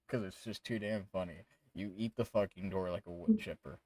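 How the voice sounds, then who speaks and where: A man's voice: lowish voice, very animated, normal speed, darkish tone, dry recording, poor audio. A man running a tabletop game as game master, narrating casually, laughing and swearing.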